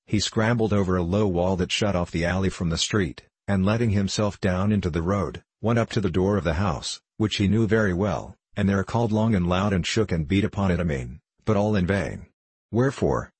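A man narrating a classic tale in measured, archaic language. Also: low-pitched, husky, dry recording.

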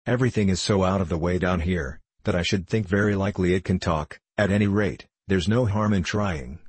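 A man's voice: sits low, a little fast, breathy edge, dry recording. A man voicing a curious, polite young girl who chatters eagerly and tends to ramble on. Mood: wondering. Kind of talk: audiobook character reading.

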